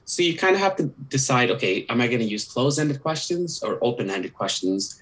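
A man's voice: mid-range voice, very animated, a little fast, a bit bright, poor audio. A young man, a counselor, earnestly explaining communication tips with examples on a podcast, with many "sort of" and "kind of" asides.

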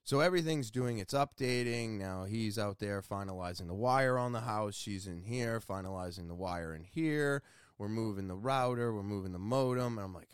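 A man's voice: on the low side, animated, moderate pace, smooth, no room sound, clean studio sound. A man telling a casual, profane story about a home repair visit, blunt and exasperated. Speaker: homeowner telling an anecdote.

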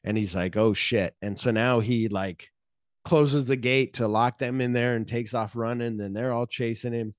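A man's voice: medium pitch, steady tone, normal speed, no room sound, studio quality. A man co-hosting a podcast, retelling a film's plot in casual chat and acting out the characters' lines, swearing freely. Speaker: podcast co-host.

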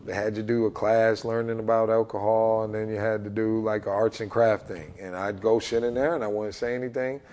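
A man's voice: lowish voice, little pitch movement, fairly quick, hardly any pauses, darkish tone. A middle-aged man and basketball coach telling his own story as a podcast guest, acting out what other people said. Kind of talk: candid storytelling in a podcast interview.

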